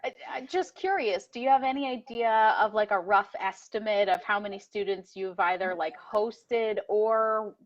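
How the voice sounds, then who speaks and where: A woman's voice: medium pitch, moderate pace, hardly any pauses. A woman interviewing a host family in a casual, upbeat and enthusiastic way. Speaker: interviewer, student support director. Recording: slightly dull lo-fi audio.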